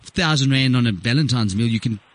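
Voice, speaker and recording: A man's voice: medium pitch, a little fast. A man hosting a radio interview, chatty and asking casual questions. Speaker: radio host.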